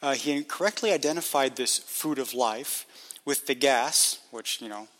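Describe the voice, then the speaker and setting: A man's voice: mid-range voice, normal speed, a bit bright, long reverb tail. A man co-hosting a casual history podcast, explaining at length with frequent restarts. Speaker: podcast co-host.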